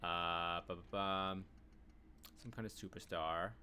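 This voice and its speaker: Man, streamer, casual let's-play talk, lowish voice, faint hum behind. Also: steady tone, takes it slowly, sharp tone. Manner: rambling, hums filler syllables while thinking.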